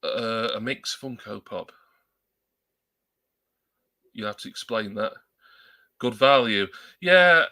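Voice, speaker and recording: A man with a low, bright and forceful voice chats on a home live stream into a desktop USB mic. He rambles, fills gaps with ums and pokes fun at himself. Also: lively intonation, slow pace, pauses often. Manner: rambling, chatty, self-deprecating, many ums. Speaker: livestreamer. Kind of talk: casual live-stream chat. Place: at home at a computer. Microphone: new desktop USB microphone.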